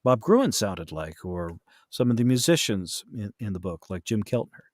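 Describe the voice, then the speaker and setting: A man talking casually as a podcast guest about narrating audiobooks, chatty and lively with quick bursts. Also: fairly low pitch, no room sound. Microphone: podcast studio mic.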